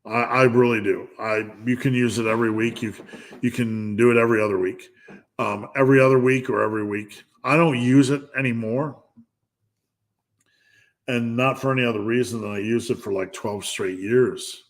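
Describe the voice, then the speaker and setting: A man's voice: medium pitch, steady tone, normal speed. A middle-aged man hosting a live stream, reading viewers' questions and answering with blunt, joking lifting advice. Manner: blunt, joking, coach-like advice with frequent restarts. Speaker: strength coach hosting a live Q&A.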